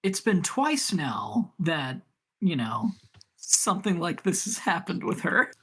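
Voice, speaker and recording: A woman's voice: fairly low pitch, very animated, takes it slowly, breathy edge. A woman playing in a tabletop role-play, chatty and amused. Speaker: tabletop player.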